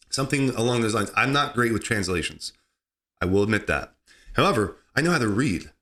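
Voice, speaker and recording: A man hosting a comedy podcast, talking sarcastically and excitably, laughing at his own jokes. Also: lowish voice. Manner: sarcastic, excitable, mock-outraged asides. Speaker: podcast host.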